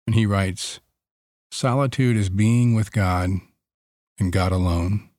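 A man guides a Christian meditation in a low, unhurried voice. He speaks softly, leaving long pauses between phrases, and the recording is close and dry with no room sound. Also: dry recording.

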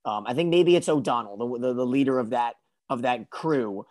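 A man co-hosting a casual recap podcast, talking in loose, rambling runs full of restarts and fillers. His voice sits at an ordinary middle pitch for a man. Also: moderate pace, darkish tone. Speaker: podcast co-host.

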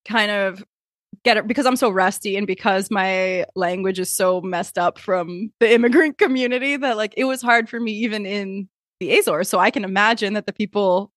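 A woman's voice: medium pitch, normal speed, a bit bright, dry recording, studio quality. A woman hosting a podcast, chatting casually and laughing easily, with plenty of "like". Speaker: podcast host. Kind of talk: casual conversation.

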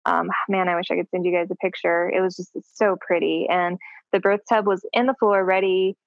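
A woman in her thirties telling a personal story in a casual chat, animated and full of fillers, often acting out her own past lines. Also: lowish voice, a little fast, vocal fry, no room sound. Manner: animated, many fillers, quotes herself in lively voices. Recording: slightly dull dry sound.

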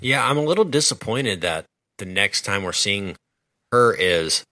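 A man with a low, bright, forceful voice talks animatedly on a casual movie podcast, tossing out playful questions. The sound is dry and close to the mic. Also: animated, measured pace, no echo. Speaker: podcast co-host.

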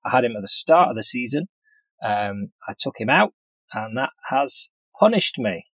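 A man's voice: mid-range voice, very animated, moderate pace, a bit bright, slightly rough, dry recording, low-quality recording. A man co-hosting a casual chat, talking in dry, wry banter. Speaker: podcast co-host. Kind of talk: casual chat about fantasy football.

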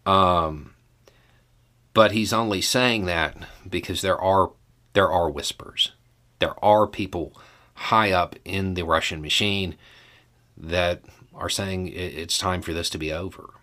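A man hosting a podcast, talking through his view in an unhurried way with fillers and restarts. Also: deep voice, pushed and bright. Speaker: podcast host. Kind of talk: casual solo commentary.

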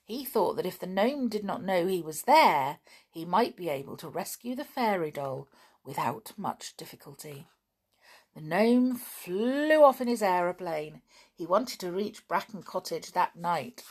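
A woman reads a children's storybook aloud at an unhurried pace. Her voice swoops widely through the telling, and she adds little asides to her listeners along the way. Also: lowish voice.

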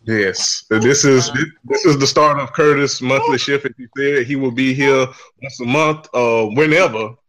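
A man's voice: medium pitch, unhurried, hardly any pauses, fairly bright tone. A man hosting a casual podcast chat, joking and teasing, with frequent fillers. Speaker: podcast host.

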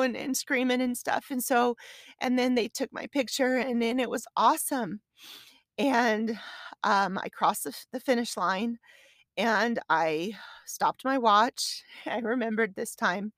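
A podcast host, a woman with a slightly high, fairly bright voice, talks at a normal pace through a long personal story on her casual solo recap show. Chatty and rambling, she restarts often and grows emotional, even tearful, as she recounts it. The sound is clean studio quality with no echo.

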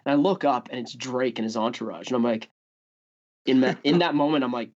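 A man, a guest musician spinning casual stories. He swears freely and leans on "like" and "dude". His voice sits in an ordinary mid pitch, and the recording sounds somewhat dull and lo-fi. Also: a little fast, darkish tone. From Canada. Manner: loose and profane, heavy on "like" and "dude". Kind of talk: casual storytelling.

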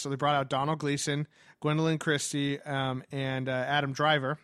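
A man excitedly telling a story in casual chat, animated, with lots of fillers and restarts. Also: fairly high pitch, fairly quick, smooth, no echo, clean studio sound.

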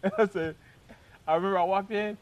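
A young man casually telling a long personal story, animated and often laughing as he goes. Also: sits high, fairly quick, background noise. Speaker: storyteller guest.

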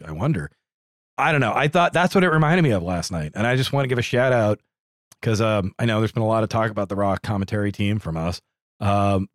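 A man's voice: fairly low pitch, no room sound, studio quality. A man co-hosting a wrestling podcast in casual, jokey, digressive chat. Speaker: podcast co-host.

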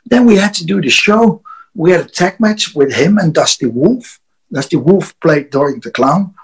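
High-voiced Dutch man telling a rowdy story. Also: lively intonation, moderate pace, breathy edge, poor audio. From Netherlands. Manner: laughing often, restarting words, loose and profane. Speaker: podcast guest, wrestler. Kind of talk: casual storytelling.

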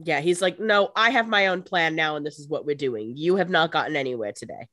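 A woman co-hosts a casual podcast with a slightly low voice, tossing in wry jokes and quick quips. The sound is dry and close, with no room around it. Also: fairly bright tone, no echo. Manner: joking asides, quick quips. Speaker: podcast co-host. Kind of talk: casual chat.

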